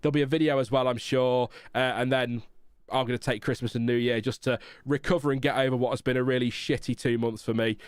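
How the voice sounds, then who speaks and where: A man's voice: mid-range voice, fairly even intonation, fast talker, clean tone, no echo, studio quality. A man hosting a casual live watchalong stream, chatting frankly and rambling with fillers. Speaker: livestream host.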